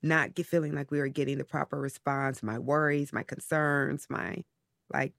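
A woman being interviewed as a parent, talking candidly and haltingly, often trailing off as she searches her feelings. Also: sits low, steady tone, gravelly, fairly bright tone, dry recording, studio quality.

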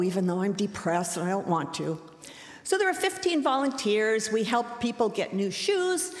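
A middle-aged woman with a mid-range voice tells a story live to an audience, wry and self-deprecating as she times her comic lines. Her voice fills a large hall with long, ringing reverb.

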